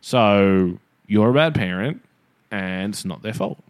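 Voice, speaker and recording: Low-voiced, dry-sounding man. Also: expressive, clear, resonant tone, no room sound. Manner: agreeable, quick to back up the other speaker, blunt and joking. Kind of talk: casual chat.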